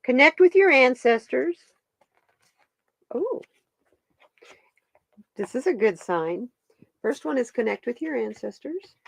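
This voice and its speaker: Woman stream host, casual and chatty, lively pitch, higher voice. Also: creaky, no room sound. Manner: chatty, talks to her pets and viewers. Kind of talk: casual chat reading stones and cards.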